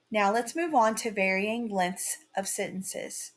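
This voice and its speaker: A woman teaching a writing lesson in a slow, carefully read-out, scripted delivery. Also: mid-range voice, sharp tone.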